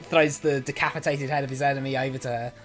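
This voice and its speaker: A co-host giving casual commentary on a video game, animated and quick to laugh, often bursting into loud, shouted comic impressions. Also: mid-range voice. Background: game music.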